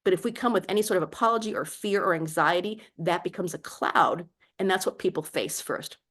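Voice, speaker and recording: A woman career coach talking to camera in an energetic, emphatic way about job interviews. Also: lowish voice, brisk. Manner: energetic and emphatic, acts out timid voices.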